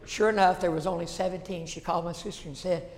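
Man, pastor, gravelly voice, folksy sermon storytelling, long echo of a church hall. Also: high-pitched, steady tone, fast. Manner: folksy, building to shouted passion. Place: church sanctuary.

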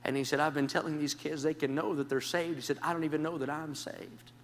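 A man preaching a revival sermon in a church, telling stories with great passion and swinging from hushed tones up to shouts, often leaning on "can I say.". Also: a little high, fairly even intonation, quick pace. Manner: impassioned storytelling, swings from quiet to shouting; repeats "can I say" as a preaching cue. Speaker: traveling preacher. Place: church sanctuary. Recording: long reverb of a large church.

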